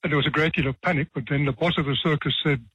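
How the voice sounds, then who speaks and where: A man in his seventies, a retired judge from South Africa, tells stories from his career with dry, self-deprecating humor and measured pauses. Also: fairly high pitch, fairly even intonation, fairly bright tone, slightly rough, dry recording. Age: 70s. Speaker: retired judge, author guest. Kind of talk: relaxed anecdotal storytelling. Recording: dull, dry radio sound.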